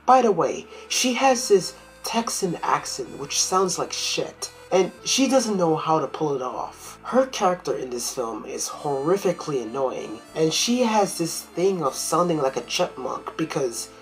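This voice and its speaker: A woman's voice: low voice, very animated, measured pace, few pauses, soft background music, rough recording. A woman critic delivering a blunt, profane rant in a video film review.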